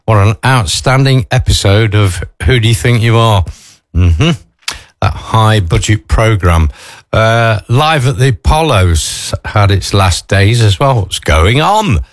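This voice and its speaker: A man's voice: lowish voice, expressive, a little slow, dry recording, clean studio sound. A man talking casually to camera in a chatty, wry way, full of asides. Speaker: vlogger. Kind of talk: casual morning chat.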